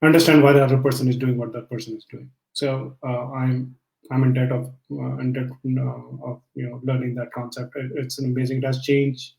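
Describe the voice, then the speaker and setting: A man's voice: mid-range voice, little pitch movement, a little fast, vocal fry, a little mellow, roomy sound, poor audio. A man being interviewed by his wife on a live stream, joking at first and then speaking earnestly, with many fillers. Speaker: guest, the host's husband. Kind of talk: casual live-stream chat.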